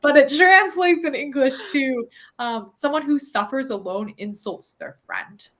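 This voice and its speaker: A woman's voice: high-pitched, a little slow, a bit bright. Woman, 30s, podcast guest; earnest, reflective, filler-heavy delivery. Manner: earnest, thoughtful, frequent fillers and restarts. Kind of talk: conversational interview.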